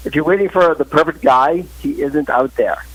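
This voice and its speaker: A man phoning in to a live talk show, his voice sitting a little high for a man. He rambles earnestly through opinionated advice, restarting his sentences as he goes. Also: normal speed, rough recording. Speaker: caller. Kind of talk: phone-in advice chat. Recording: live call line.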